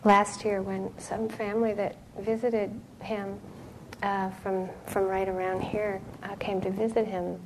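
Gentle woman giving a dharma talk. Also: medium pitch, flat delivery, a little slow, a little hiss or hum, poor audio. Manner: gentle and conversational, with frequent laughter and soft whispered asides. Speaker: meditation teacher.

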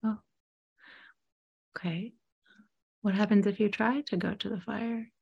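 A woman telling a story from her teaching practice in a halting, soft-spoken way, often dropping to a whisper. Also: medium pitch, steady tone, vocal fry, husky, dull audio. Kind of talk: reflective storytelling.

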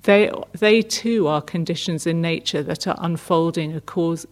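Soft-spoken woman giving a meditation talk. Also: lowish voice. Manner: gentle, unhurried, with frequent restarts and fillers. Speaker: meditation teacher. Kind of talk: dharma talk.

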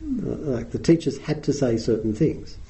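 Dark-voiced man telling wry meditation stories. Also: mid-range voice, very animated, moderate pace, creaky, low-quality recording. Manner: wry anecdotal storytelling, chuckling at his own tales. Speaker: meditation teacher. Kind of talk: dharma talk.

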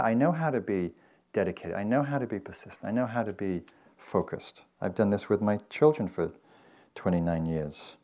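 A man from England giving a meditation dharma talk, telling stories in a gentle, conversational way. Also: lowish voice. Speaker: meditation teacher. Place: meditation hall with audience.

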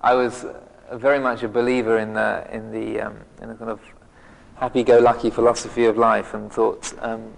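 Gravelly monk giving a rambling dharma talk. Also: male voice, on the low side, little pitch movement, moderate pace, in a large hall, low-quality recording. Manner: rambling, many restarts and fillers, self-mocking humor. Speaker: monk teacher. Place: monastery meditation hall.

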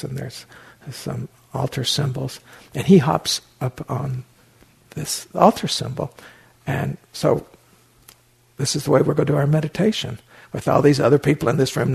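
Older man with a gravelly, husky voice. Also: a little high, darkish tone. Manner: anecdotal, wry, many fillers and restarts. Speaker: meditation teacher. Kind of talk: dharma talk storytelling.

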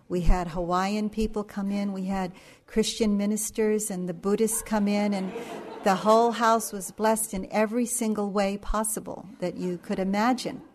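Middle-aged lady meditation teacher, slow storytelling talk, lots of little pauses and ums. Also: medium pitch, a little mellow. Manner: unhurried anecdotal storytelling with frequent pauses and fillers.

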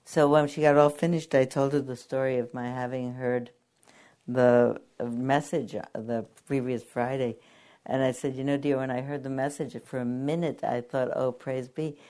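An older woman meditation teacher giving a gentle dharma talk, telling stories with many pauses and fillers. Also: rumbling low, steady tone. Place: meditation hall.

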